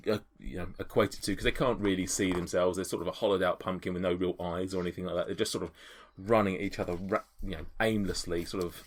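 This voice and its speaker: A man's voice: sits low, fairly even intonation, fast talker, hardly any pauses. A man narrating a tabletop game as game master, rambling and hesitant with many ums.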